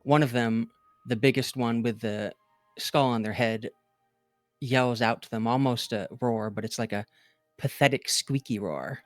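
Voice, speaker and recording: A woman narrating as game master of a tabletop game, calm and descriptive. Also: extremely low pitch, measured pace, no echo, soft background music.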